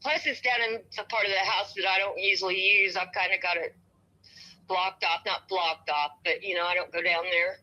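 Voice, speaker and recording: Rambling bright-voiced woman on a phone call. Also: on the low side, fairly even intonation, normal speed. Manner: rambling, meandering, with many restarts and soft laughs. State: cold and shivering. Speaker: home seller on a phone call.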